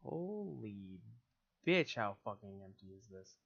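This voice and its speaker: A man's voice: lowish voice, very animated, slow, vocal fry, fairly bright tone, breathy edge, muffled recording. A man livestreaming a build, ranting in exasperated, profane casual commentary. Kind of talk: casual live-stream commentary while building.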